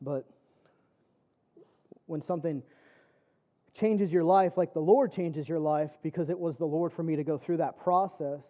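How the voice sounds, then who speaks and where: A man's voice: fairly high pitch, a little slow, long pauses, dull audio. A man preaching a personal testimony sermon, telling his story conversationally with lots of fillers. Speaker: church speaker.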